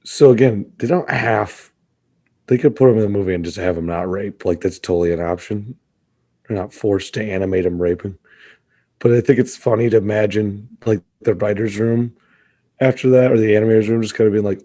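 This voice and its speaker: A young man co-hosting a comedy podcast, riffing in an animated, mock-outraged way and laughing often. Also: fairly low pitch, a little fast. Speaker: podcast co-host. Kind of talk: casual comedic chat.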